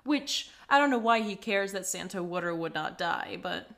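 A woman's voice: mid-range voice, animated, normal speed, fairly bright tone. A young woman co-hosting a podcast in casual chat, irreverent and swearing freely. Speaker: podcast co-host.

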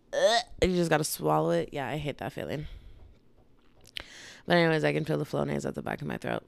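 A woman's voice: sits low, creaky, darkish tone, clean tone, dry recording. A woman hosting her own podcast, chatting in a playful, rambling way while congested from a cold. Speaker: podcast host. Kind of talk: casual solo podcast chat.

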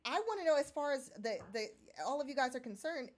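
A woman's voice: high voice, expressive. Upbeat woman hosting a chat. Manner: upbeat, encouraging, drawn-out phrasing. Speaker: host. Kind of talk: casual interview chat.

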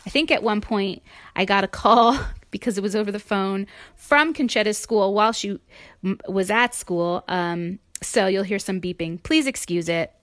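A woman's voice: medium pitch, moderate pace. A woman hosting a family podcast, reading a children's storybook aloud at home.

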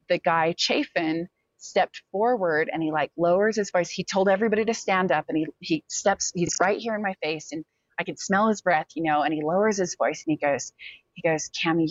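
A woman's voice: on the low side, normal speed, no room sound. A young adult woman, an interview guest, recounting a personal story candidly, with many fillers and quoted asides. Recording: dull, lo-fi sound.

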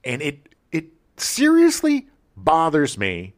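A man's voice: on the high side, wildly swooping pitch, slow pace. A man co-hosting a podcast in casual chat, gushing about actors he admires. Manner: effusive, jumps into silly voices. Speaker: podcast co-host.

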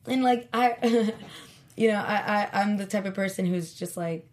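A chatty woman in her thirties, talking as an interview guest. She tells her story with lots of fillers, and her voice jumps up high and loud whenever she acts out what someone said. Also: moderate pace. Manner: chatty storyteller, acts out quoted lines in high animated bursts. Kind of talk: casual interview chat.

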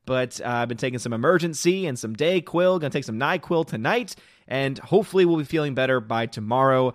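A man's voice: medium pitch, lively intonation, brisk, dry recording, studio quality. A man hosting a live stream, sarcastically greeting viewers and reading chat while fighting a cold.

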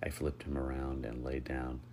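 A man reading a first-person story aloud in a steady, unhurried way. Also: a bass voice, slight background noise. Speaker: narrator.

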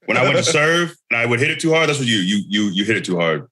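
A man co-hosting a podcast, joking around in animated casual chat. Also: medium pitch, quick pace, slight background noise. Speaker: podcast co-host.

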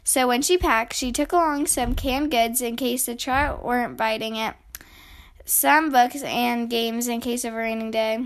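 A woman narrates a children's picture book aloud at a steady pace, stumbling now and then over a word. Her voice sits a little high. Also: unhurried, clean tone. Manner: steady read-aloud with small slips. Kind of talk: reading a children's storybook aloud.

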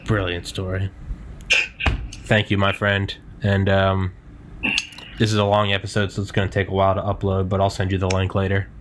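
Podcast host, deep-ish male voice, easygoing and cussy, wrapping up with a buddy, low hiss. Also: monotone, normal speed, pauses often. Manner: laid-back, swears freely. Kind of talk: casual chat.

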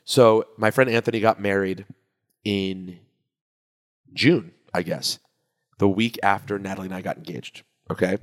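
In an echoey room with long reverb, a low-pitched man co-hosts a podcast, chatting casually and telling stories. He speaks unhurriedly with long pauses, yet he's animated, acting out what his friends said.

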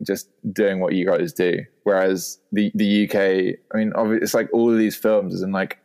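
A man's voice: deep voice, level tone, moderate pace, darkish tone. A young man from England with a posh London English accent, chatting as a podcast guest, hesitant and stammering. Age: 20s. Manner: hesitant, stammering, self-conscious. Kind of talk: casual chat.

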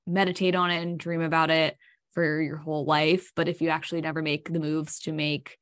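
A woman's voice: sits low, flat delivery, a little fast, a bit bright. A woman hosting a podcast, responding in casual chat and giving an encouraging tip. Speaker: podcast host.

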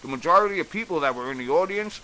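Exasperated man ranting, bright voice. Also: a little high, expressive, very fast, slight background noise, low-quality recording. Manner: exasperated, blunt, swears freely. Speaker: political commentator. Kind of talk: ranting opinion vlog.

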